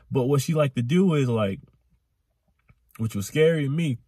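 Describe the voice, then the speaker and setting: A young man recounting a chaotic ride in a rambling storytime vlog. His pitch swoops high and low as he gets worked up, with a husky grain. Close and dry, right on the mic. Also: normal speed, pauses often, dry recording. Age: young adult. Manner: animated, rambling, repetitive slang. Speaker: vlogger.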